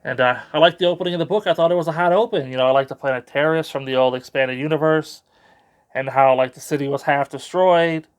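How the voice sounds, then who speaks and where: A man's voice: on the high side, fast, clear, resonant tone. A man giving a casual, rambling spoken book review with a sarcastic edge.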